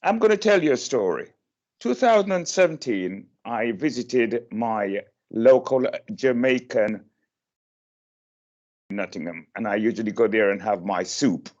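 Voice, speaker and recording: Guy telling his story slow, lots of uhs, kinda muffled call audio. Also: on the low side. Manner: slow and hesitant, many uhs, emotional and animated when quoting. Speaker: guest speaker sharing his experience. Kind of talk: personal story told to an online meeting.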